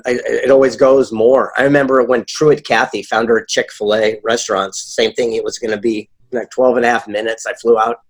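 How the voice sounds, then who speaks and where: A man with a slightly husky voice chats as an interview guest. He tells his stories with energy and acts out the people he quotes in them. His pitch sits in an ordinary middle range for a man. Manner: animated, acts out quoted dialogue. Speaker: author and keynote speaker, guest. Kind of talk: casual interview storytelling.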